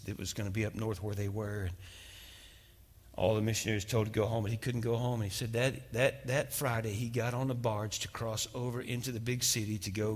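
A man's voice: fairly low pitch, breathy edge. A male pastor preaching a sermon and dramatically retelling a testimony. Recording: long reverb of a large hall.

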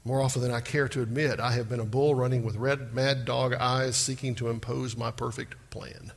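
A pastor preaching a sermon with animated delivery, acting out prayers in a rising voice. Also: male voice, mid-range voice, normal speed, gravelly, in a large hall.

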